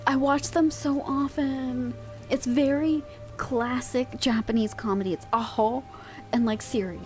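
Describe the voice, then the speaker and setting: A woman's voice: high-pitched, steady tone, a little slow, a little mellow, faint music behind. A woman streamer chatting casually with her live chat, giggly and swearing freely, at a desk microphone at home.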